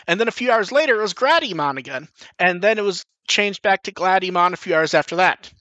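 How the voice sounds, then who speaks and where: A man hosting a podcast in casual chat, rambling and animated, swearing casually. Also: sits high, fast talker, no echo, highs cut off. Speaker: podcast host.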